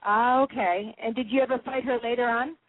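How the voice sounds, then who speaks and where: A chatty, animated woman hosts a radio interview, laughing easily as she talks. Her voice is fairly high and comes through a thin, phone-like line. The sound is dry and close. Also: fairly quick, no room sound. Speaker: radio show host.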